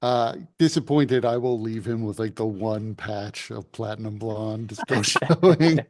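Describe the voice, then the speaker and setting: A man's voice: on the low side, a little slow, a little mellow. A man playing a tabletop game, describing his character's actions while thinking aloud. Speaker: player.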